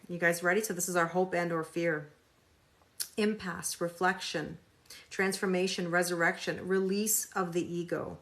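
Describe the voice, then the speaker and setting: A woman's voice: on the low side, fairly bright tone. A woman hosting a live tarot reading, talking casually with viewers in a sarcastic, chatty way and reading card meanings aloud.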